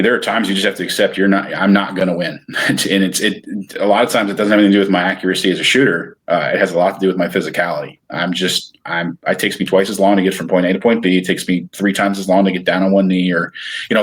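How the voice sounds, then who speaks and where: A man with a notably low voice talks through his experiences as a podcast guest. He speaks candidly and loosely, trailing off and restarting his sentences as he thinks aloud. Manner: candid, rambling, with frequent restarts. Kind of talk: casual interview chat.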